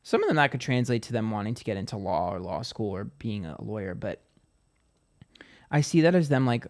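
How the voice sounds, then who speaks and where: A man's voice: lowish voice, big pitch swings, brisk. A man giving a casual tarot card reading to camera, chatty and profane, acting out little scenes as he goes. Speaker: tarot reader.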